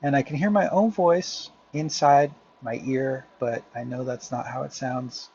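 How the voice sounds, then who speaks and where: A man chatting casually to viewers while he draws, rambling and muttering softly to himself. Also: mid-range voice, fairly even intonation, a little slow, hardly any pauses, muffled recording, noisy background. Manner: rambling, self-talking, drifts into soft muttering. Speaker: drawing vlogger. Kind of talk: casual talk while drawing. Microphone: headphones with mic.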